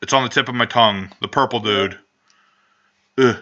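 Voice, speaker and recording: A man's voice: medium pitch, normal speed, pushed and bright. A man hosting a casual podcast, rambling and joking with frequent swearing. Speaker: podcast host. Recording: dull lo-fi home recording.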